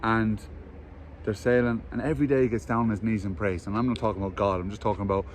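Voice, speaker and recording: A man in his forties, an interview guest talking openly while walking outdoors, telling stories with halting restarts. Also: lowish voice, fairly even intonation, slight background noise. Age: 40s. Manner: open, storytelling, halting restarts. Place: outdoors in a hillside village, walking.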